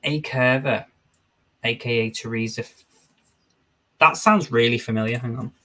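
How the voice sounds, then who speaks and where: A man's voice: mid-range voice, normal speed, sharp tone. A man hosting a casual live stream, chatting away as he reads viewer comments aloud and answers them. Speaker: streamer host.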